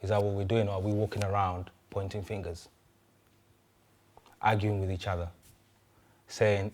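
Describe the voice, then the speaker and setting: A man, a pastor, giving a conversational sermon full of rhetorical questions and quick restarts. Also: on the low side, level tone, darkish tone.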